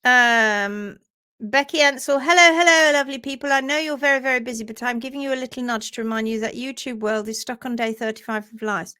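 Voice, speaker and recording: A woman's voice: a little high, steady tone, fast talker, bright, forceful tone, clear, resonant tone. A woman hosting a casual livestream, chatting in a bubbly way and greeting viewers by name as she reads out their comments. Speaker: livestream host. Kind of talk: casual live chat, reading out viewer comments. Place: at home, based in France.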